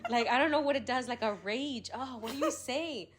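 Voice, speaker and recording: Casting note: woman co-host, higher voice, excitable and teasing, chatty podcast banter. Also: a little fast, slight background noise. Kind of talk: casual chat.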